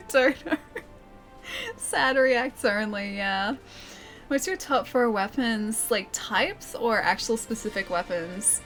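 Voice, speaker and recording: A woman's voice: a little high, fairly bright tone. A young woman streaming a game, chatting casually with viewers, playful and giggly with lots of mock apologies. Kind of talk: casual gameplay commentary reading chat. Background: game music.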